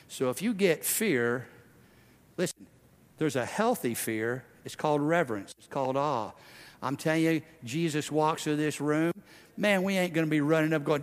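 A male pastor preaching a sermon with passion, swinging between loud, driving declarations and hushed, intimate passages. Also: on the high side, moderate pace. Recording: long hall reverb.

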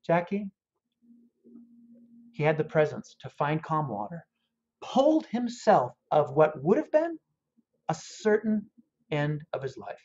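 A man, a guest in a casual interview, telling a story in an animated, earnest way. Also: fairly high pitch, measured pace, long pauses. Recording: dull lo-fi audio.

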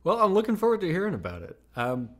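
A man co-hosting a podcast in casual chat, musing aloud in a relaxed way and asking follow-up questions. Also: high voice, fast talker. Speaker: podcast co-host.

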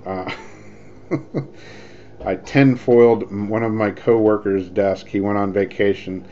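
Male vlogger, lower voice, chatty storyteller who acts out dialogue; muffled recording. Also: measured pace. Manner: rambling, animated, acts out quoted lines. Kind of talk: casual storytelling. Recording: dull lo-fi sound with faint noise.

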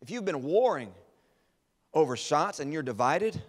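A man's voice: a little high, big pitch swings, normal speed. Dramatic preaching man in a reverberant hall. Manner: dramatic preaching, swings from loud to hushed. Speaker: evangelist. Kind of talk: sermon. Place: church hall. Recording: long church hall reverb.

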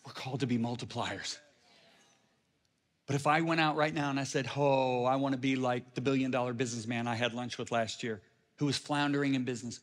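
A middle-aged male preacher telling stories in a sermon, animated, moving from hushed asides to near shouts. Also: medium pitch, brisk. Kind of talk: storytelling sermon. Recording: long reverb of a large hall.

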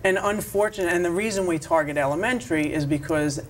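A woman from New York who works as a truancy officer, answering interview questions in a measured way with many ums. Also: fairly low pitch, slight background noise. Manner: measured, many ums, slow careful phrasing. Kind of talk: interview guest.

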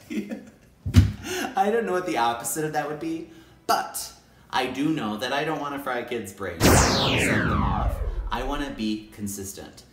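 A male kindergarten teacher talking straight to camera in a casual, animated way, repeating his points for emphasis. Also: medium pitch, very noisy. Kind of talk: casual direct-to-camera talk. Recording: roomy echo.

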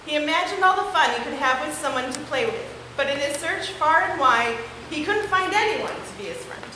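A woman's voice: high voice, expressive, fairly quick, bright, forceful tone. A young woman leading a children's message at a church service, encouraging the kids and reading a picture book aloud. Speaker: children's time leader. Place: church sanctuary. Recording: echoey sanctuary with background noise.

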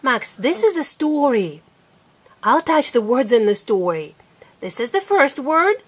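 A woman teaching a child to read at home, speaking slowly and clearly and coaxing him to repeat words. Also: high-pitched, sing-song. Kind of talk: patient phonics lesson.

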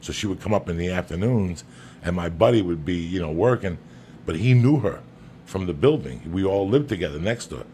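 This podcast host, a middle-aged man from New Jersey, speaks briskly in a deep voice with lively intonation and a Jersey accent. His casual stories are brash and profane, punctuated by loud laughing shouts, and the room around him is noisy.

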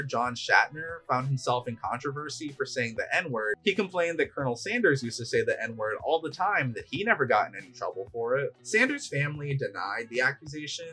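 A man's voice: mid-range voice, breathy edge. A man hosting a channel, narrating a scripted video essay. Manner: lively, explanatory. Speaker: YouTube host.

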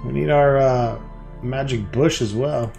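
A man's voice: mid-range voice, measured pace, creaky, darkish tone, soft background music. A man hosting a let's play, reading out a text adventure game and muttering casual, profane comments.

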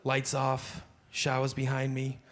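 A man doing a stand-up comedy set on a club stage, animated and jumping into high-pitched acted voices, with a handheld stage mic. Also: takes it slowly. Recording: live club recording with audience noise. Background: audience laughter.

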